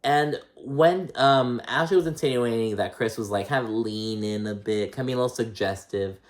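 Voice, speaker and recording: A man rattles through a reality TV recap in a loose, offhand way. He talks at a middling pitch, and his speech is full of "like," "um" and casual profanity. He sometimes bends his voice to act out what the cast members said. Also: normal speed. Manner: loose, profane, chatty with many "like"s and "um"s; acts out quoted lines in shifting voices.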